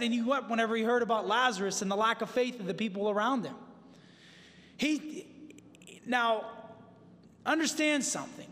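A man's voice: extremely high pitch, fairly bright tone, slight background noise. A man preaching a sermon in a conversational, emphatic way, turning to the congregation with asides. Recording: long hall reverb.

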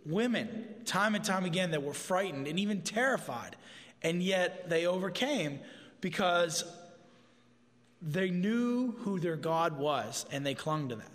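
Higher-voiced man preaching in a reverberant hall. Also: expressive, unhurried, a bit bright. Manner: informal, with asides and humor. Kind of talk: conversational sermon. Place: church sanctuary.

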